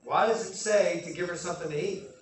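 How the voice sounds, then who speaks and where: A man preaching a sermon that teaches from scripture, animated and acting out scenes with loud bursts. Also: high voice, fast talker, slight background noise. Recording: echoey room, speaker far from mic.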